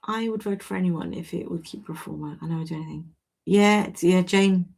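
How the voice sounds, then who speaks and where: A woman's voice: fairly low pitch, fairly quick, creaky, a little mellow. A woman hosting a casual livestream, reading out viewers' names and chatting frankly, often breaking off and restarting her sentences. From Wales. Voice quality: chatty, self-interrupting, frank. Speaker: livestream host. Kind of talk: casual live chat reading viewer comments.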